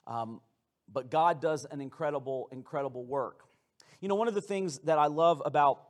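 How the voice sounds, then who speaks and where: Man, high-pitched voice, pastor, playful conversational sermon, stumbles and restarts often, church sanctuary.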